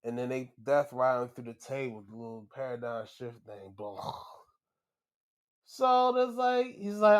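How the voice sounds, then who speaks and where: A man hosting a podcast, giving a casual wrestling recap and acting out the wrestlers' lines in an animated way. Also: mid-range voice, a little slow, clean tone. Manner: animated, acts out wrestlers' lines, laughs and shouts when excited. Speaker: podcast host.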